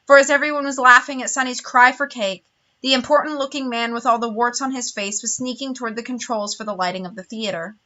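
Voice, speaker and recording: A woman's voice: on the high side, steady tone, quick pace, sharp tone, dull audio. A woman reading a novel aloud with wry, dramatic storytelling. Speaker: reader.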